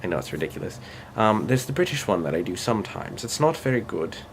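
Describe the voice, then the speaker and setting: Canadian guy, early thirties, lowish voice, rambling home vlog, faint room hiss behind. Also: big pitch swings. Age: 30s. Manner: rambling, self-deprecating, with fillers and pauses. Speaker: vlogger. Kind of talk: casual late-night vlog.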